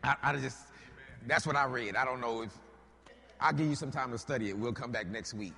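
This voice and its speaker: A man preaching a sermon, animated and joking, rising to shouts at times. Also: medium pitch, fairly quick, creaky, in a large hall.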